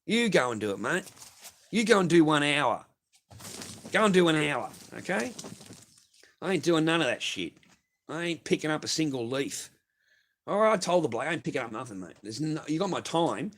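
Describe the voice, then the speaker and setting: A man's voice: on the high side, big pitch swings, moderate pace, long pauses, fairly bright tone. Blunt, swearing Australian man. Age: middle-aged. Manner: blunt, profane and rambling, repeats himself. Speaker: livestream host reading viewer messages. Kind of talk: casual livestream chat.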